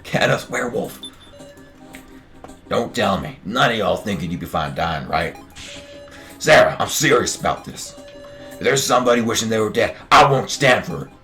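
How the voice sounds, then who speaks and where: A man streams a game with casual, joking commentary, tossing mutters and asides to his viewers. His pitch swings widely and freely. Faint music sits under his voice. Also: animated, moderate pace, pauses often, bright, forceful tone.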